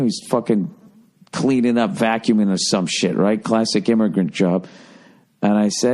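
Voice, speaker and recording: A man's voice: lowish voice, normal speed. A middle-aged man hosting a podcast, telling a rambling, profanity-heavy story and mimicking people as he goes. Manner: animated, swearing, mimics people. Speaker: comedian podcast host.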